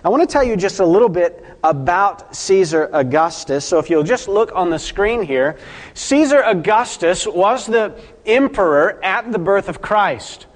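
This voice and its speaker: Man preaching a sermon in a reverberant hall. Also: sits high. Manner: asks the congregation questions and answers them. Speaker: pastor.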